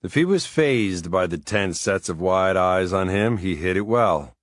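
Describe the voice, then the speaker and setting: A man narrating a first-person thriller audiobook in a wry, measured, weary way. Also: sits low, lively intonation, no room sound, clean studio sound.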